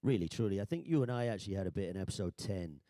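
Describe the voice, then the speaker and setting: A man's voice: lowish voice, animated, racing, mellow, no echo, clean studio sound. A man on a panel reminiscing in a rambling way, searching for details.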